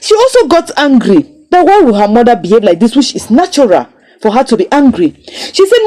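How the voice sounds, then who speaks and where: A woman recapping and critiquing a drama series in a casual, storytelling way. Her voice is fairly high but dark and mellow, with very lively rises and falls in pitch. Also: a little fast, poor audio. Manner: animated, expressive storytelling. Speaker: series reviewer.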